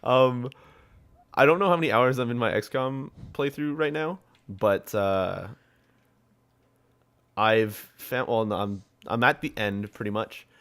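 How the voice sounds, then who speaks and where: A man's voice: mid-range voice, a little slow, fairly bright tone. A young man co-hosting a casual gaming podcast, rambling through stories, laughing often and swearing freely. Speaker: podcast co-host.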